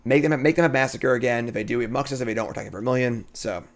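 A man streaming a card game, thinking aloud through his plays and breaking into excited outbursts as he talks to chat. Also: medium pitch, very fast. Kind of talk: casual gameplay commentary.

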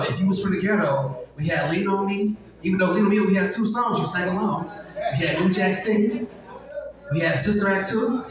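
A man in his forties with a Detroit accent doing a loose, profane stand-up set in a live club, swinging from low mutters to loud shouts. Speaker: stand-up comedian. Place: live comedy club stage. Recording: echoey club room, distant, crowd laughter.

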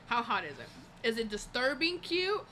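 A woman's voice: fairly high pitch, sing-song, unhurried, noisy background. A woman co-hosting a reaction video, chatting casually with giggly, joking banter. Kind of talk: casual chat. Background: loud rock music from the video.

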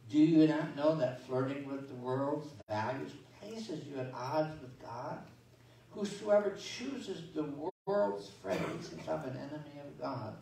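Folksy pastor preaching in an echoey church. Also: male voice, on the high side, expressive, unhurried, creaky, dark tone. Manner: folksy, conversational preaching with restarts and asides. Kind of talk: sermon. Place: church sanctuary. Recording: echoey church sanctuary from far off.

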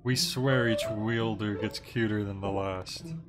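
A man voicing a fussy, regal female bug queen, reading game dialogue aloud in a slow, drawn-out, doting way over game music. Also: fairly low pitch, fairly even intonation, natural voice.

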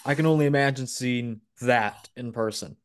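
A man's voice: medium pitch, moderate pace, clean tone. A man hosting a podcast interview, mostly giving brief acknowledgments and asking the guest probing questions. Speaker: podcast host.

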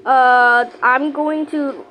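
A woman giving live commentary over her own gameplay, excitable and panicky, repeating herself and shouting countdowns when the clock runs down. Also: high voice, a little hiss or hum. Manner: repeats phrases rapidly under pressure. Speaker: gaming channel host.

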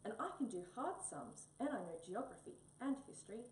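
A woman's voice: fairly high pitch, big pitch swings, fairly quick, a little mellow, echoey room, distant mic, a little hiss or hum, pitched above the performer's own voice. A woman voicing a small, kind, fussy mouse who is easily offended in a read-aloud story. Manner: fussy, indignant.

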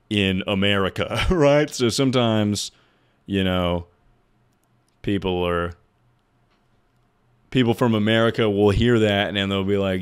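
A man's voice: on the low side, clear, resonant tone. A man streaming live, chatting casually with his viewers in a rambling, joking way with plenty of swearing. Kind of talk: casual livestream chat.

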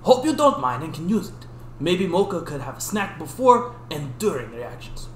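A man's voice: a little high, sing-song, moderate pace, reverberant, slight background noise. A man co-hosting a casual mail-opening video, reading fan letters aloud in a playful way. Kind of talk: casual chat.

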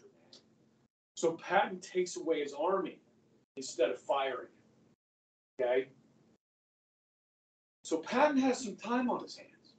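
A male history teacher lecturing his class, telling the story in an animated way and often calling the students "guys". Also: high voice, a little hiss or hum. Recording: echoey classroom from far off.

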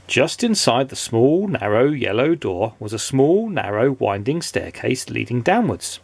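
A man's voice: mid-range voice, darkish tone, husky, dry recording. A father reading a children's story aloud in a playful, sing-song way.

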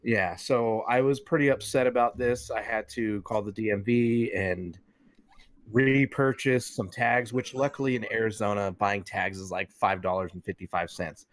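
A man's voice: lowish voice, steady tone, normal speed, no room sound. A young adult man, a podcast co-host, telling a rambling story in casual chat and swearing freely.

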